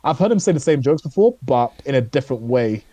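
A man chats casually on a podcast about what he has been watching, with a mellow, dark voice. He rambles and hesitates, filling the gaps with ums and uhs. The sound is dry and close, with little room. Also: mid-range voice, big pitch swings, quick pace, dry recording. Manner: rambling, hesitant, many fillers. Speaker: podcast co-host. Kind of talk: casual chat reviewing shows.

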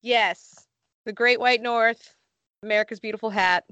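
A woman's voice: fairly high pitch, steady tone, unhurried, pushed and bright, no room sound. A young woman co-hosting a casual podcast, joking and giggling, her voice cracking now and then. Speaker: podcast co-host. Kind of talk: casual chat.

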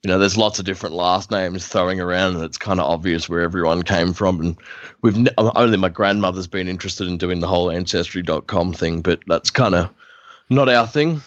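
Low-voiced Australian man. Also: a little fast, no room sound, dull audio. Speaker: podcast guest. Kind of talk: casual podcast chat.

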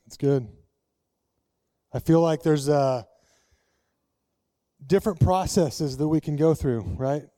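A man's voice: fairly high pitch, slow pace, long pauses, dark tone, dry recording. A man moderating a church panel, talking in an earnest, upbeat way and often repeating words. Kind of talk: casual panel talk.

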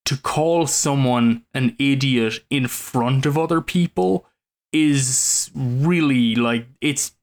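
A man's voice: medium pitch, takes it slowly. A man co-hosting a casual film podcast, rambling with lots of fillers and restarts. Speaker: podcast co-host.

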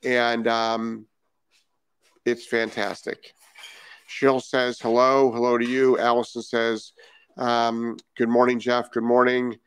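A man's voice: medium pitch, monotone, takes it slowly, a bit bright, smooth, dry recording. A man from Rhode Island, a dog trainer hosting a live stream and reading out viewer comments, talking emphatically, repeating key phrases and asking rhetorical questions.

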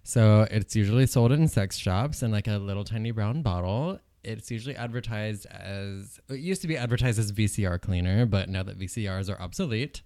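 A man co-hosting a casual chat show, tipsy and telling stories in an animated way with squeaky voices for quoted people. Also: fairly quick, hardly any pauses. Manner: animated storytelling, high squeaky voice for quoted lines. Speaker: podcast co-host.

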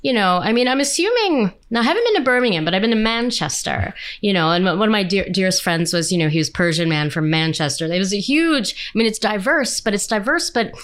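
A woman hosting an interview podcast, chatting casually and reacting quickly to her guest. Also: medium pitch, very animated, fairly bright tone. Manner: talkative, restarts and fillers, quick reactions. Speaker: podcast host.

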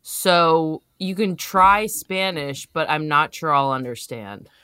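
A performer voicing a prim woman board member who lip-reads, speaking slowly and apologetically in an improvised comedy scene. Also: medium pitch, expressive, sharp tone, smooth, no echo, clean studio sound. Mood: apologetic.

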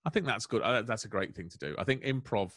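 A man chatting as a guest comedian on a casual podcast, quick and chatty, often breaking into laughter. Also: lowish voice, lively intonation, fairly bright tone, dry recording, clean studio sound. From England.

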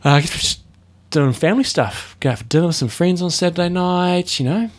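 A man's voice: high voice, expressive, fairly quick. A man co-hosting a podcast, dry and matter-of-fact in casual chat. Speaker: podcast co-host.

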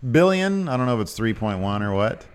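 A man's voice: fairly low pitch, fairly even intonation, fast talker, clean tone. A man from the American South co-hosting a wrestling podcast in casual chat. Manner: reads previews in a hammy announcer voice. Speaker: podcast co-host.

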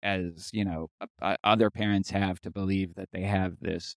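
A man's voice: sits low, flat delivery, normal speed, no echo, studio quality. A man hosting a casual podcast discussion, opinionated and pointed, with some hesitations.

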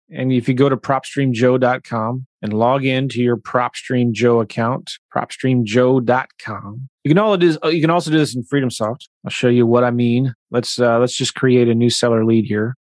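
A man coaching real estate investors on a live online webinar, talking in an energetic, conversational and emphatic way. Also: medium pitch, normal speed, hardly any pauses, no room sound.

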